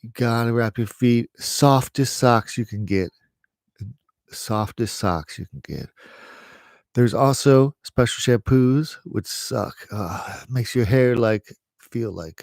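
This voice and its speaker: A man giving rambling, casual advice in a home vlog, laughing at his own jokes and trailing off quietly. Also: medium pitch, slow pace, vocal fry, no room sound. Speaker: vlogger sharing home remedies.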